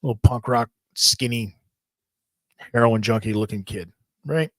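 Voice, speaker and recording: A man's voice: medium pitch, a little slow, dry recording. Podcast guy rambling thru a story, swears a lot, dry close mic. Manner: rambling, profane, animated retelling. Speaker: podcast host. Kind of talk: casual storytelling.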